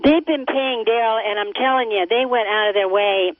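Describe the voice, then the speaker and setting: A woman's voice: on the high side, moderate pace, dry recording. Chatty woman caller on a phone line. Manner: chatty, earnest storytelling. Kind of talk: phone-in conversation. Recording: tinny dry phone line.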